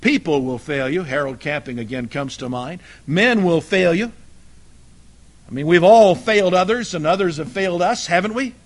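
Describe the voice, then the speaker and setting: A man preaching a fiery sermon, swinging between loud emphatic bursts and low, quiet asides. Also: expressive, normal speed.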